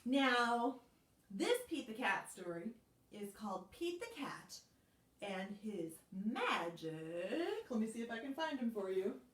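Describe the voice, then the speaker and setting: A woman librarian leading a children's storytime, slow, animated and encouraging. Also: on the high side, slight background noise. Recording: roomy sound, mic at a distance.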